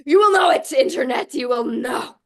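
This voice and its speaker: With a high, expressive voice at a moderate pace, a woman life coach talks directly to the camera in a relaxed vlog. She's chatty and passionate, blunt, liberal with swear words and the word "like."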